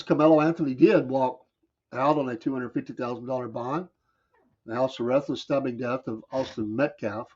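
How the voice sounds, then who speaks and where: A man with a Southern American accent hosting a casual morning show, telling stories in a folksy way and laughing often. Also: mid-range voice. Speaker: radio show host. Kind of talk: casual morning show chat, reading chat comments. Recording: dull lo-fi stream audio.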